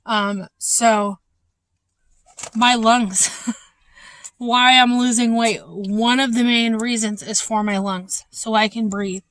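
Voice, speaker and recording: A young woman giving a candid, halting home vlog update with many fillers, troubled by an ongoing cough and short of breath. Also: fairly high pitch, steady tone, fairly bright tone. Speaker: vlogger. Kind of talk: casual personal update.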